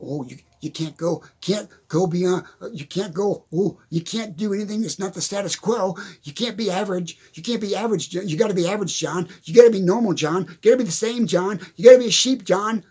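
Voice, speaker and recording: A man's voice: sits high, a little fast, hardly any pauses, darkish tone, slightly rough, voice pushed down. A man voicing nagging coworkers who scold him for not being average. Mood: mocking. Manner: scolding, repetitive. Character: nagging coworkers pushing conformity, mixed adults.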